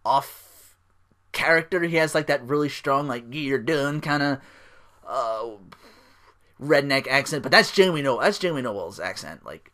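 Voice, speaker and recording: Guy rambling on his solo podcast, bright voice, lots of likes and ums. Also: medium pitch, expressive, moderate pace, pauses often. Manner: rambling, many fillers and restarts. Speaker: podcast host. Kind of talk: casual solo podcast chat.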